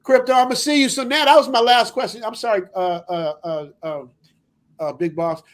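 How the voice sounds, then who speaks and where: Brief: higher-pitched man, loose heartfelt shout-outs to a podcast panel, lots of restarts. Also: moderate pace. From US West Coast. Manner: rambling, heartfelt hype-man talk with many restarts. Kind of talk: casual group chat.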